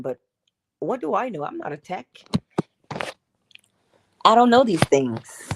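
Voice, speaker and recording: A woman's voice: sits low, background noise. A woman hosting a spiritual morning livestream talk, playful and laughing often as she acts out little quotes.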